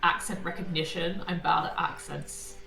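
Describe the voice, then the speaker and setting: A woman's voice: on the low side, fairly even intonation, moderate pace, vocal fry, recorded from a distance, heavy background noise. A woman with a London accent co-hosting a game stream, talking thoughtfully with many fillers. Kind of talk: casual chat. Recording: roomy, with faint game music.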